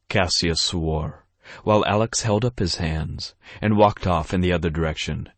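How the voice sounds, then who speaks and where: A man with a very deep, husky voice reads a romance audiobook in first person. His delivery is gruff and measured, unhurried. The recording is dry and close, from a studio mic. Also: no room sound. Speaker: audiobook narrator.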